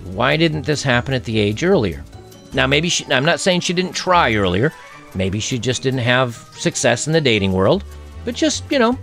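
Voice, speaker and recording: Give me a sarcastic, mocking male vlogger with an animated, swooping voice. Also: mid-range voice, gravelly. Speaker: online commentator. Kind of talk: casual commentary vlog.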